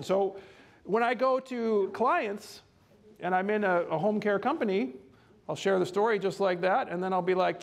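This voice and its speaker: Brief: man, high pitch, home care trainer, chatty lively storyteller on stage. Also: moderate pace, vocal fry. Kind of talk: storytelling presentation.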